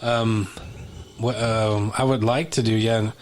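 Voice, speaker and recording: A man's voice: lowish voice, fairly even intonation, slow, slight background noise. A man with a Texan accent co-hosting a podcast, chatting casually and easygoing with playful jokes. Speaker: podcast co-host. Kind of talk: casual chat.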